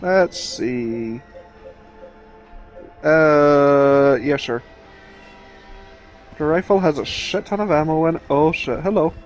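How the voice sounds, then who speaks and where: A man's voice: fairly high pitch, slow pace, long pauses, faint music behind. A man hosting a let's play, chatting casually, thinking aloud and swearing freely as he plays. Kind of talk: casual gameplay commentary.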